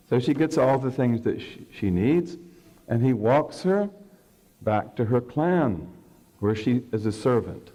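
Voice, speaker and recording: An older man giving a religious lecture to an audience, telling stories in an animated way and asking listeners questions. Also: medium pitch, rough recording. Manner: storytelling, animated, acts out quoted speech.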